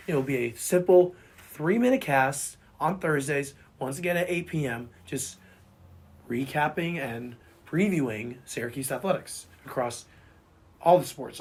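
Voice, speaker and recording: Hoarse, boyish-sounding man podcast host. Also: a little high, a little mellow. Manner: rambling, repeats himself, eager sports talk. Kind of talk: casual sports podcast chat.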